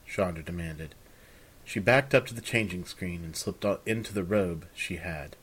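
A man narrating a fantasy story in a calm, even storytelling manner. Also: low voice, normal speed, breathy edge.

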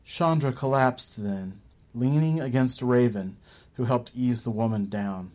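A man narrating a fantasy audiobook in a measured, deliberate way. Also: mid-range voice, darkish tone.

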